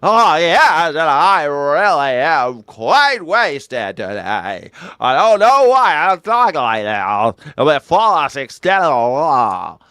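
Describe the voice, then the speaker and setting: A man doing a mocking impression of a drunk, haughty woman official with a slow, old-fashioned drawl. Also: a little high, sing-song, bright, forceful tone, clear, resonant tone, dry recording, studio quality, heavily acted. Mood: tipsy haughty.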